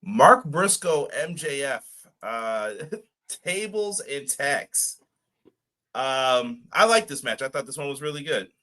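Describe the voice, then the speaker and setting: Lively, amused male podcast co-host. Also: mid-range voice, takes it slowly. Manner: easygoing, amused, laughs often. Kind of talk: casual podcast chat.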